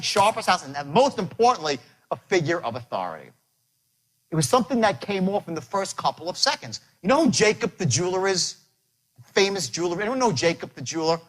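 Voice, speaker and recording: A man lectures a live audience on selling and tells his stories with boastful swagger. His voice sits high and swoops all over the place. He punches out short, emphatic phrases. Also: poor audio. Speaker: sales trainer giving a lecture.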